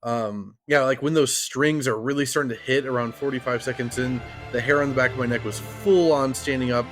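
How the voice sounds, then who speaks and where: A man co-hosting a podcast, talking in a casual, enthusiastic, animated way. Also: mid-range voice, fairly quick, faint music behind. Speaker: podcast co-host.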